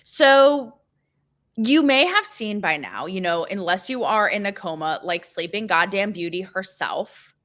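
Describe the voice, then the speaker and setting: A young woman hosting a casual opinion show, chatty and sarcastic, with many fillers and quick asides. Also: mid-range voice, expressive, fairly bright tone. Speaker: show host.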